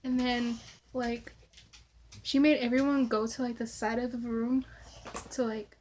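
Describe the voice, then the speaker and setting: A woman's voice: fairly high pitch, level tone, measured pace, a little mellow, slight background noise. A young woman vlogger answering Q&A questions and rambling through a story, filling her talk with "like" and swearing casually. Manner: chatty, rambling, lots of "like".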